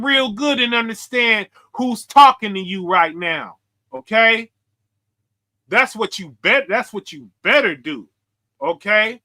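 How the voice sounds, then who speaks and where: A man preaching forcefully to his viewers, confrontational and full of slang. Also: high voice, expressive, slow. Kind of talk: street preaching livestream.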